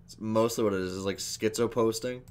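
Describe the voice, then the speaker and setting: A man's voice: lowish voice, steady tone, a little fast, darkish tone, slight background noise. A man hosting a reaction video, commenting in a laid-back, profane, laughing way.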